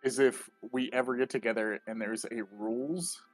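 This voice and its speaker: A man's voice: medium pitch, fairly even intonation, moderate pace, no room sound, faint music behind. A man in casual podcast chat, animatedly quoting comedy lines and mimicking voices. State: married. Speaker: podcast co-host.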